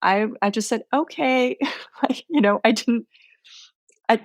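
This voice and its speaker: A woman's voice: on the high side, unhurried, dry recording, clean studio sound. A woman as an interview guest, recounting a personal story in an earnest, self-conscious way.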